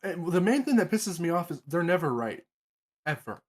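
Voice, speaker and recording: A man chatting casually with friends as a game player, getting animated and swearing when riled up. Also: a little high, a little fast. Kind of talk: casual group chat.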